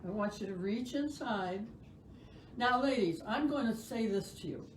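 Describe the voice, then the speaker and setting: A woman's voice: a little high, animated, moderate pace, slight background noise, rough recording. A middle-aged woman teaching sewing in a shop, chatty, playful and encouraging. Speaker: sewing instructor. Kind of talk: live sewing demonstration.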